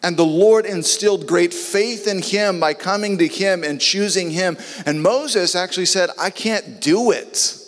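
An earnest male preacher delivers a sermon in a somewhat high voice. His words ring with a long reverb, as if spoken in a large hall. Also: moderate pace, few pauses. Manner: earnest, acts out biblical dialogue in voices.

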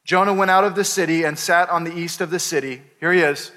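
A pastor preaching a sermon, telling the story with playful voices for the characters. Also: male voice, a little high, fairly even intonation, fast talker, pushed and bright. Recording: hall reverb.

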